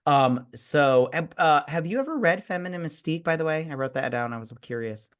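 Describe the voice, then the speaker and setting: A man's voice: a little high, brisk, clear, resonant tone. Tipsy guy co-host, cussing and acting out movie scenes in a rant. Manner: profane, animated, acts out quoted film scenes. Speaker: podcast co-host. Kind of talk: casual chat.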